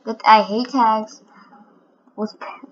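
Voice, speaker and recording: A woman giving excitable, giggly commentary over her own gameplay, full of sudden exclamations. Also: fairly high pitch, slow pace, muffled recording. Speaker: gaming channel host.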